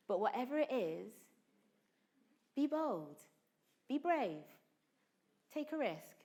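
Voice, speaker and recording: A woman's voice: sits high, expressive, a little slow, pauses often, darkish tone. A woman leading a drama workshop for students, coaxing the group with constant questions and urging them to be bold. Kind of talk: energetic acting workshop coaching. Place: school hall or conference room.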